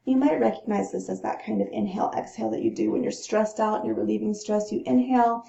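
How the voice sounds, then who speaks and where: A woman teaching breathing techniques in a calm, instructional way, pausing to demonstrate the breaths. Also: mid-range voice, vocal fry. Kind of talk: gentle instructional talk. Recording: roomy, dull lo-fi sound.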